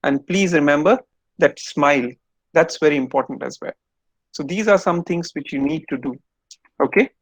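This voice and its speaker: A man's voice: on the high side, normal speed, slightly rough, no room sound. A man giving an online lecture to students over a video call, explaining step by step and quizzing them.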